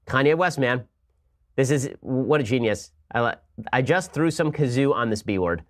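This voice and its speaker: Rapid-fire sarcastic male commentator. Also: medium pitch. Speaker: podcast host. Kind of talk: political commentary.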